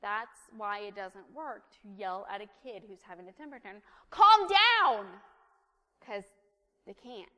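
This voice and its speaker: A woman in her thirties giving a chatty, humorous sermon in a church, full of lively asides. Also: mid-range voice, moderate pace, few pauses. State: caffeinated, fast-talking. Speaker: preacher. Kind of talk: conversational sermon. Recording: long reverb of a church hall.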